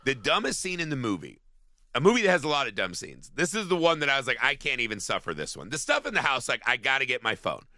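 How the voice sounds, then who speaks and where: A man co-hosting a movie podcast, telling the plot in a profane, animated way and acting out the characters' lines. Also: medium pitch, fast, no echo, studio quality. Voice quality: profane, animated storytelling with acted-out quotes. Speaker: podcast co-host. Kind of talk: casual movie-review chat.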